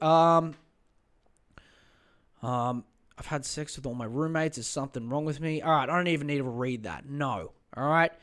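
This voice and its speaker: A man hosts a casual solo podcast in a slightly higher-than-average voice. He rambles, swears freely and mutters filler to himself. He pokes fun at himself along the way. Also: normal speed, fairly bright tone. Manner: rambling, profane, self-mocking, mutters while searching. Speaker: podcast host.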